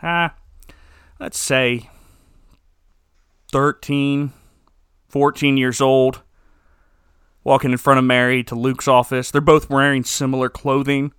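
A man's voice: mid-range voice, little pitch movement, slow, pauses often, a bit bright, smooth, no echo, studio quality. A man hosting a podcast, giving a wry, joking recap with chuckles in a casual comedic style. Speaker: podcast host.

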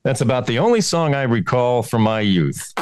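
A man's voice: medium pitch, normal speed. A man co-hosting a comedy podcast, chatting casually and laughing often. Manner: jokey, laughs often, animated. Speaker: podcast co-host.

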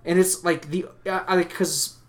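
A man's voice: sits high, fairly even intonation, measured pace. A young man casually telling a story on a podcast, swearing freely and acting out both sides of old phone calls. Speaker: podcast host.

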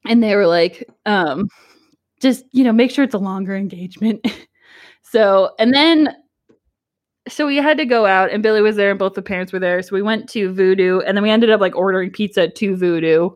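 A young woman in her twenties co-hosting a podcast, telling a story in a casual chat, animated and giggly with lots of "like". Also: mid-range voice, moderate pace. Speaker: podcast co-host.

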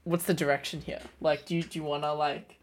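Quiet man asking questions. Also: a little high, flat delivery, a little fast, a crowd in the background. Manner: quiet, laughs a lot. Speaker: podcast co-host. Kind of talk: casual chat.

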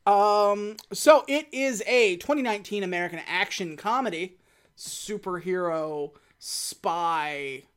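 A woman's voice: medium pitch, slow pace, clear, resonant tone. A woman co-hosting a casual movie review chat, talking with lots of fillers and self-deprecating restarts. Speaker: podcast co-host reviewing movies.

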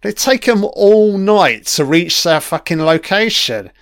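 Slow-talking man, swearing freely. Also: high-pitched, expressive, a bit bright, smooth, dry recording, clean studio sound. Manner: swears freely, chatty, laughs often. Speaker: TV episode commentator. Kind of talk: casual audio commentary.

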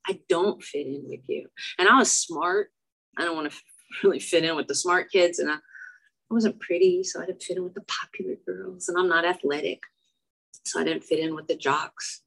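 In a church meeting room before an audience, an AA speaker from Chicago, a middle-aged woman, gives a frank, self-mocking recovery share. Her voice is fairly low, gravelly and a bit bright, her delivery brisk with fairly even intonation, and she keeps asking "right?"

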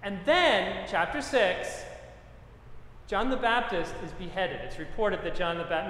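A man's voice: high voice, bright, forceful tone. A middle-aged man, a pastor, preaching a sermon with emphatic repetition and personal stories. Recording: echoey hall with long reverb.

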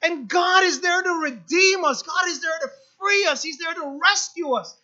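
A woman pastor delivers a sermon in a high, bright voice, taking her time and leaning on repeated phrases. She turns to the congregation with quick asides. The recording sounds dull and lo-fi. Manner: repetitive preaching with rising emphasis and asides to the congregation.

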